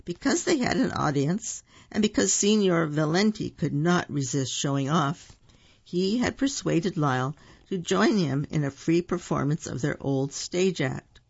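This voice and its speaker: A reader telling a picture book aloud at an unhurried pace, adding asides about the pictures. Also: medium pitch, expressive, creaky, husky, muffled recording. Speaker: storybook reader.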